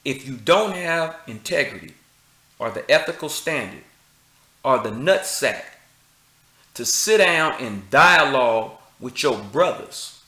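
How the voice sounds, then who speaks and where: A man's voice: mid-range voice, expressive, slow, pushed and bright. Fiery preachy man in an echoey room. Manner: preachy, confrontational, rhetorical questions, street slang. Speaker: commentator. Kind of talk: impassioned address to camera.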